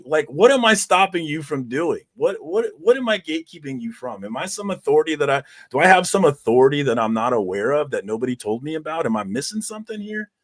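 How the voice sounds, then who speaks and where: A man in his thirties ranting heatedly and swearing freely in a casual online comic hangout. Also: fairly high pitch. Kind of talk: casual livestream chat.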